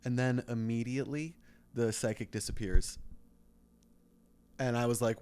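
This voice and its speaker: A man's voice: medium pitch, steady tone, measured pace, pauses often, darkish tone, smooth. A man in his thirties co-hosting a podcast, telling a rambling comic story in casual chat. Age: 30s. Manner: rambling storyteller, acts out voices. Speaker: podcast co-host.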